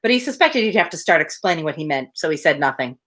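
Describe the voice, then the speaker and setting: A woman's voice: deep voice, sing-song, fast talker, a bit bright. A woman reading a short story aloud to listeners, breaking off for casual, chatty asides. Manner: chatty, laughing asides between passages. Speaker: reader.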